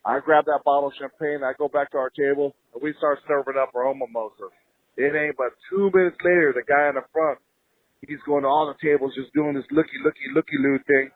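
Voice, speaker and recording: A man calling in to tell an animated, profane story, acting out the other people's voices. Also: fairly high pitch, fast talker, dry recording. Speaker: caller. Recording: phone-line audio.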